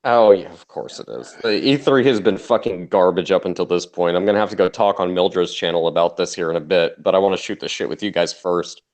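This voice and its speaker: A man's voice: low voice, fairly quick, few pauses, a little mellow. A man ranting profanely about media coverage on a casual livestream. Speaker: guest co-host.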